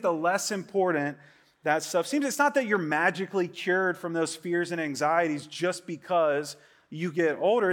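A man in his late thirties, a pastor preaching a sermon in a relaxed, conversational way, joking and often asking his listeners "right?". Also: high voice. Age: 30s.

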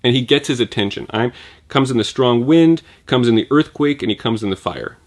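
A man giving a conversational Bible teaching, relaxed and informal, often saying "like.". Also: mid-range voice, fairly quick. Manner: informal, uses "like" a lot.

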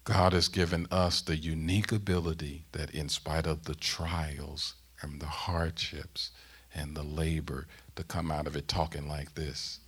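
Man, middle-aged, very low voice, sermon, emphatic bursts, soft prayer. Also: level tone, a little slow, breathy edge. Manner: preaching with rising emphatic bursts, then soft closing prayer. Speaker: guest preacher.

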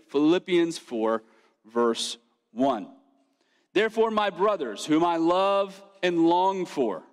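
A man preaching a sermon as pastor, in a casual, conversational way with playful asides. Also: sits high. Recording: long reverb of a church hall.

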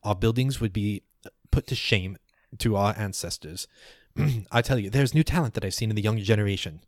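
A man's voice: fairly low pitch, normal speed, no echo, studio quality, close to an everyday voice. A man voicing an old, white-haired male winged elf elder who argues insistently. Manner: insistent, lecturing.

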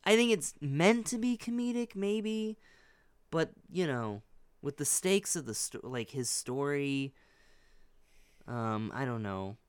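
A man's voice: a little high, animated, slow, clean tone, no echo. A man co-hosting a podcast, chatting casually and rambling, hedging with many restarts. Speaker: podcast co-host. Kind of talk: casual chat.

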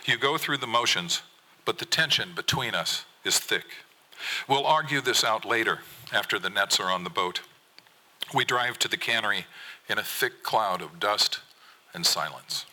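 Middle-aged guy reading his fishing poem, low voice, intense edge, steady pace. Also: poor audio. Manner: earnest, measured spoken-word delivery. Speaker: fisherman poet. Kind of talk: performed poetry reading.

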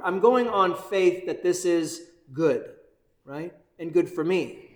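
Male pastor, somewhat high voice, lively conversational sermon, roomy church echo. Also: unhurried. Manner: energetic, conversational, keeps asking "right?"; excited, bouncing while preaching.

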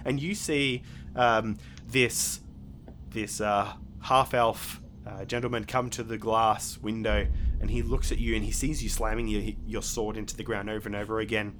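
A man's voice: lowish voice, level tone, normal speed, fairly bright tone, slight background noise. A man narrating as game master of a tabletop game, rambling with many fillers and restarts.

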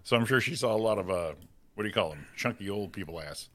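A man co-hosting a morning show, wisecracking and dropping into quick impressions. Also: on the low side, lively intonation, fairly bright tone, no room sound. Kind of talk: casual joking banter. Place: studio, on video.

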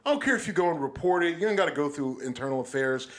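Co-hosting a podcast in a studio, a man chats casually but bluntly, swearing plenty as he gets worked up. He talks fast, with an expressive, fairly high-pitched voice.

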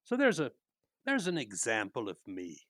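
A man's voice: mid-range voice, normal speed, no room sound. A man co-hosting a casual podcast chat, telling theater stories with lots of laughter. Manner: lively storyteller, laughs often. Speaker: podcast co-host, mystery theater actor.

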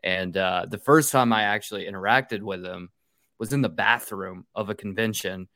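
A man's voice: on the low side, moderate pace, no room sound. Dry, casual-sounding male podcast host. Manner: animated storyteller, swears and laughs freely. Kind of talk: casual interview chat.

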